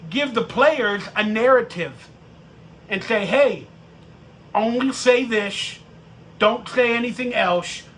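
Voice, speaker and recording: A male sports stream host rants in a bright, forceful voice, mocking and swearing, with sudden shouted bursts. A faint hiss runs under the recording. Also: very high-pitched. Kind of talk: live-stream fan rant.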